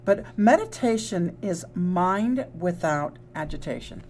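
A woman's voice: lowish voice, expressive, takes it slowly, darkish tone, a little hiss or hum. A woman co-hosting a wellness talk show as a psychologist. She speaks earnestly in casual chat, often restarting with fillers. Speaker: co-host, psychologist.

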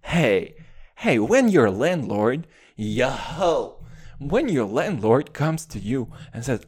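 A man's voice: medium pitch, slow, breathy edge. Male podcaster, sweary comic rant, voice swings up and down a lot. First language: Russian. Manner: profane, animated ranting with constant "dude". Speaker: podcast host.

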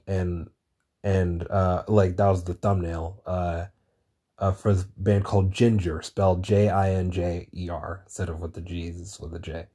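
A man's voice: low-pitched, warm tone. A man hosting his own show, talking in a meandering, casual monologue full of swearing and searching for words. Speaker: podcast host.

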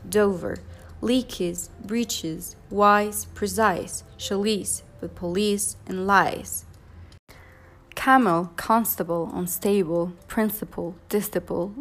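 A woman reciting a long pronunciation poem slowly, one word at a time, as a teacher would. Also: mid-range voice. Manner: slow, deliberate word-by-word recitation.

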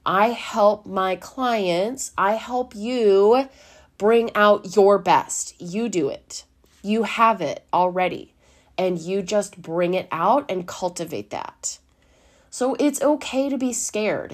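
Slow, gentle woman life coach. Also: mid-range voice. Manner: gentle, encouraging, laughs often, acts out inner voices. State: slightly dry throat. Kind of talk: casual motivational talk.

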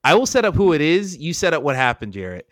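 A young man co-hosting a podcast, chatting casually with loose, profane, excitable storytelling. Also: fairly high pitch, fast, no echo, clean studio sound. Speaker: podcast co-host.

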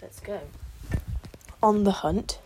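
A woman's voice: mid-range voice, steady tone, slow, darkish tone, slight background noise. Chatty British woman with a slight cold. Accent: British English. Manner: chatty, talks to herself and to her pets, swears mildly, drops into whispers. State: slight cold, a bit out of breath. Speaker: vlogger. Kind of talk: casual solo vlog while building a blanket fort. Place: at home indoors.

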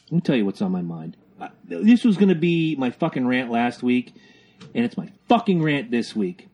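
A man co-hosting a casual podcast, ranting loudly and profanely. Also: medium pitch, very animated, slightly rough. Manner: profane, ranting, fast and emphatic. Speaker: podcast co-host. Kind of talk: casual chat.

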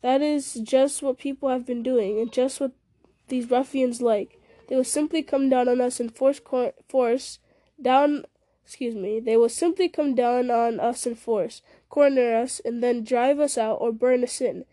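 A commanding young hobbit rallying his friends, as a woman reads him, urgent and decisive. The voice is high yet mellow, read at a lively storybook pace. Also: a little slow, natural voice. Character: bold young male hobbit leader.

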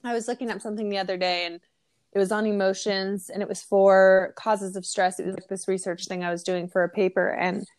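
Chatty woman podcast host, a bit hoarse. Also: medium pitch, brisk, no echo. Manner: chatty, animated storytelling with fillers. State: losing her voice, slightly hoarse. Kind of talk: casual podcast chat.

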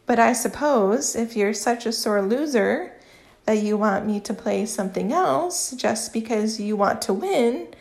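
Woman doing a cocky playful young guy, teasing, slightly higher voice. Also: a little slow, vocal fry, exaggerated voice. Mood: smug. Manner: teasing, calm, bluffing.

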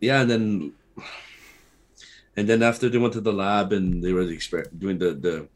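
A man's voice: low voice, fairly even intonation, moderate pace. A man in a casual chat, rambling enthusiastically and often restarting his sentences. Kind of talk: casual chat about a movie.

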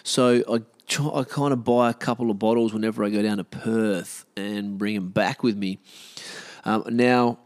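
A man's voice: fairly low pitch, steady tone, normal speed, a little mellow. A man with an Australian accent, talking casually in a rambling, self-deprecating way with many fillers and restarts. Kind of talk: casual monologue.

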